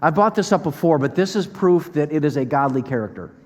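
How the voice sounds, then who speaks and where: Male pastor, sermon, animated and emphatic, slightly high voice, long church reverb. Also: brisk. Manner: animated and emphatic, dropping to a soft, intimate tone.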